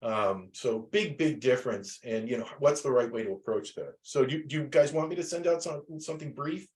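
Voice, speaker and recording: A man's voice: mid-range voice, expressive, a little fast, darkish tone. A man teaching a class over a video call, talking casually and rambling with many restarts.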